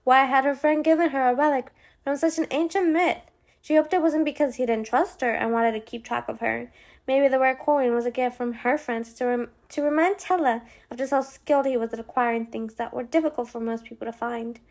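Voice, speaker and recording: A woman reads a novel aloud with a high voice and a gravelly, fry-tinged edge. Her narration is expressive, with small slips as she reads. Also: brisk. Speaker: audiobook narrator. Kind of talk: scripted narration.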